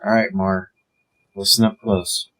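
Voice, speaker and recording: A man's voice: lowish voice, flat delivery, a little slow, fairly bright tone, rough recording. A man hosting a live stream, chatting casually and running the setup as he talks. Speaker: stream host. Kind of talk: casual chat.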